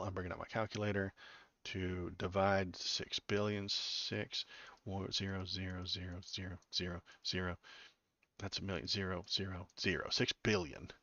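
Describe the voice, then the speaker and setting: A man with a very low voice hosts a political livestream, reading headlines aloud and poking at them with sarcastic asides. He rambles and restarts his sentences often. The sound is dull and lo-fi, in a dry, dead room. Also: gravelly, a bit bright, no room sound. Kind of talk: casual commentary reading news aloud.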